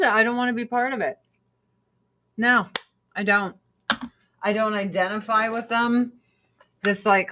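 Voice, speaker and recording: Slow-talking, foul-mouthed woman in her forties. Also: medium pitch, a bit bright, slight background noise. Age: 40s. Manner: blunt and profane, talks to her cats. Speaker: vlog host. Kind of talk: casual livestream chat.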